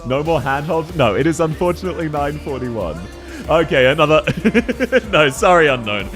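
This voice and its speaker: A young man with an Australian accent gives casual livestream commentary as a VTuber while playing a game, playful and teasing with his viewers and quick to laugh. His voice is fairly high and expressive, set over music.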